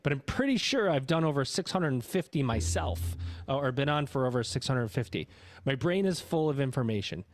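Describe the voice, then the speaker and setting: A man with a mid-range, sing-song voice and a brisk pace hosts an education podcast, handling the intro and interview casually. He tends to ramble and chat, often fixing his wording mid-sentence.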